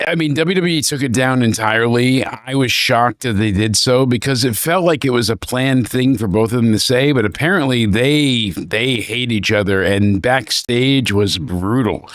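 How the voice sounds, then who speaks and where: A man's voice: mid-range voice, moderate pace, hardly any pauses, no echo, studio quality. A man hosting a casual livestream hangout, bantering with friends in a loose, profane way. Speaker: stream host. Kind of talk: casual chat.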